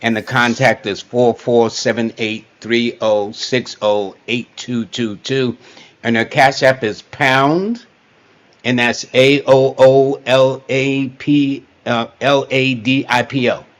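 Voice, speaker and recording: A man's voice: medium pitch, little pitch movement, slow. A man hosting an interview and talking with his guest in a plain, matter-of-fact way. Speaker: host. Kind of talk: casual interview chat.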